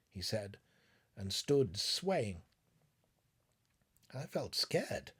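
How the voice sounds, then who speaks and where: A man reading a classic story aloud in a measured, expressive narration. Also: medium pitch, breathy edge. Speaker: audiobook reader.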